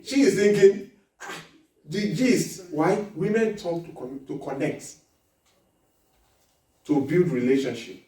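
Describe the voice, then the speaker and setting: A man giving a lively marriage seminar talk, laughing often and acting out little dialogues as he teaches. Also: high voice, a little fast. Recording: echoey hall recording from far off.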